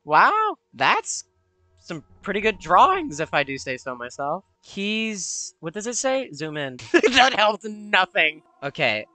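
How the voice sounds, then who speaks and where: A man's voice: a little high, bright, forceful tone, dry recording. A young man commenting on his own horror game play, jumpy and profane, with nervous laughter and sudden yelps. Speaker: gamer.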